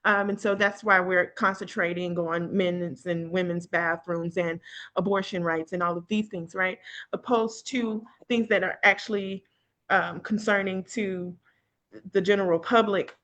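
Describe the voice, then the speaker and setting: A woman's voice: on the low side, steady tone, a little slow, fairly bright tone. A woman from North Carolina, a podcast guest in casual political chat, talking earnestly and bluntly and often ending with "right?".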